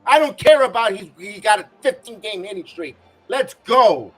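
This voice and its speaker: A man's voice: high voice, animated, normal speed, fairly bright tone, faint music behind. A man hosting a live baseball watch-along, ranting and cursing as an irate fan giving game reaction commentary.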